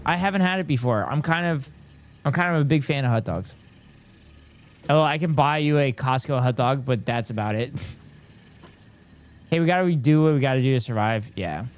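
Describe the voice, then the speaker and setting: A man's voice: mid-range voice, moderate pace, long pauses, clear, resonant tone. A man in his thirties chatting casually on a live stream, reading and answering chat in a self-deprecating way.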